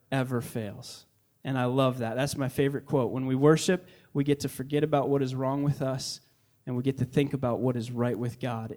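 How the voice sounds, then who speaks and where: A young man leading worship in church, welcoming the congregation and telling an earnest, excited story with frequent restarts. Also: on the high side. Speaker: worship leader. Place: church sanctuary.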